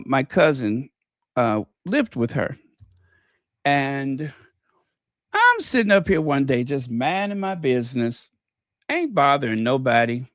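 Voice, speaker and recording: A man's voice: medium pitch, no room sound, studio quality. A man hosting his own podcast, talking in a folksy, chatty way and telling stories. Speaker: podcast host. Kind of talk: casual commentary.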